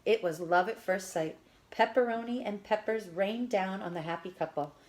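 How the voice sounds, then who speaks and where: A woman reading a children's picture book aloud in an expressive, lively storytelling manner. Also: mid-range voice, normal speed. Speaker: storybook reader.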